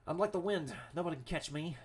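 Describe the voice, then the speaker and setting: Guy doing a swaggering tough driver, brags nonstop, swears a lot, kinda high voice. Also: lively intonation, fast, darkish tone, breathy edge. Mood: boastful. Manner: swaggering, boastful, rambling, profane. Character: cocky boastful male getaway driver, swaggering tough guy. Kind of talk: comedic role-play commentary over gameplay.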